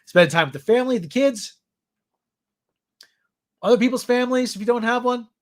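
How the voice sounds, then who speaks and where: A man's voice: very high voice, normal speed. A man from the New area, hosting a casual news roundup in a rambling way with jokey asides. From New York area. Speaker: show host.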